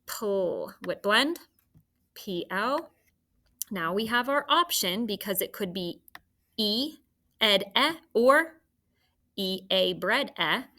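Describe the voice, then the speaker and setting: A woman's voice: medium pitch, expressive, slow pace, long pauses, bright, forceful tone. A woman teaching a phonics lesson to children, patient and encouraging as she sounds out words.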